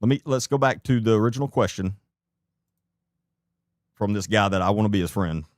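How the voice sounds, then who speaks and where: A man's voice: on the low side, a little fast, no room sound, clean studio sound. A man commenting live on a video clip, blunt and incredulous, who swears and repeats rhetorical questions.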